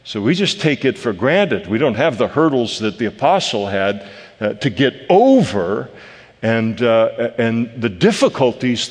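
A man preaching a conversational sermon to a congregation, with frequent filler pauses. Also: mid-range voice. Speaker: pastor. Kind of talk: expository sermon. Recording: reverberant hall.

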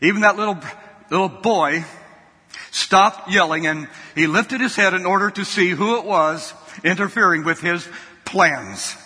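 A man's voice: high-pitched, a little slow, sharp tone, husky. A man preaching a sermon, telling a folksy story and often repeating his words. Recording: long hall reverb.

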